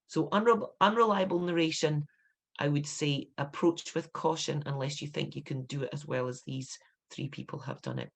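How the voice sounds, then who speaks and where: Scottish woman author, 50s, lecturing writers; emphatic, animated, quick to indignation. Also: sits low. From Scotland. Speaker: author giving a writing talk. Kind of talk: instructive talk to writers.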